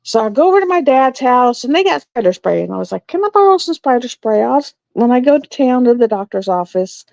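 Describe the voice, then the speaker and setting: A woman's voice: a little high, very animated, a little fast, creaky, few pauses, darkish tone, no room sound. A middle-aged woman, telling a rambling story to her live stream viewers and laughing often. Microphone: phone or webcam on a live stream. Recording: dull, slightly lo-fi stream audio.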